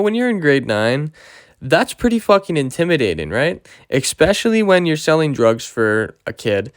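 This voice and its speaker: A young man tells a story in a loose, rambling style, dropping curses and "you know" everywhere. His voice is smooth and clear, recorded close with a dry sound and no room around it. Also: medium pitch, no room sound. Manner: rambling, profane, lots of fillers like "you know" and "right?". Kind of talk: casual storytime monologue.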